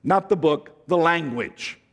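A man preaching a sermon, slow and deliberate, swinging from emphatic highs to hushed lows. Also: lively intonation, big-room sound. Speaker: pastor.

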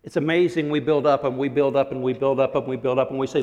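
A man preaching a sermon as pastor, animated, acting out quotes and laughing often. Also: mid-range voice, fast, gravelly, few pauses. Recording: long hall reverb.

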